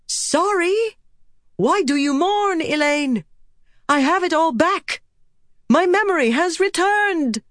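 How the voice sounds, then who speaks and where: A woman's voice: fairly low pitch, lively intonation, moderate pace, no echo, studio quality, lightly acted. A woman reading an audiobook, voicing a fierce, brash woman archer commander in a boisterous, commanding manner. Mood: elated.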